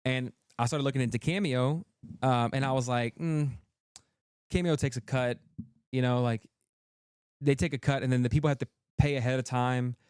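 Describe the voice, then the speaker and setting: Man, podcast guest, quick earnest chat, smooth dry voice. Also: mid-range voice, fairly even intonation, a little mellow, no room sound. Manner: quick, earnest, full of restarts. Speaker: content creator guest. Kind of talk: casual interview chat.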